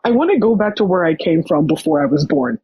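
Very husky young adult guest. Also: mid-range voice, fast talker, dry recording, muffled recording. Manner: animated, many fillers like "like". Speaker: podcast guest. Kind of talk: casual storytelling.

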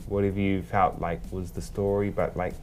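A man hosting a relaxed conversation, asking questions with many fillers and agreeing often. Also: low-pitched, moderate pace, faint music behind. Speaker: host. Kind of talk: casual chat.

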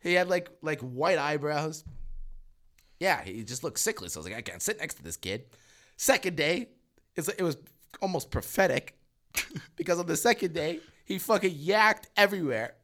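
A young man co-hosting a podcast, telling animated stories in casual chat, swearing freely and laughing as he goes. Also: a little high, moderate pace. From Canada. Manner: animated storyteller, swears, acts out voices with laughs. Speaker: podcast co-host.

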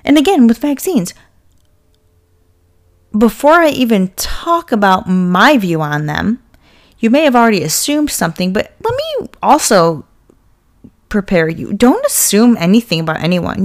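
Blunt, gravelly young woman ranting. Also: mid-range voice, sing-song, a little slow, long pauses. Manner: blunt, profane, fired-up venting. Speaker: podcast host. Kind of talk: casual ranting monologue.

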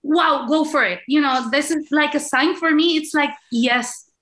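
A woman's voice: high-pitched, fairly bright tone. A woman on a casual podcast who keeps agreeing with her co-host with short, encouraging replies. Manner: affirming, quick agreeing replies. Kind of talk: casual spiritual podcast chat.

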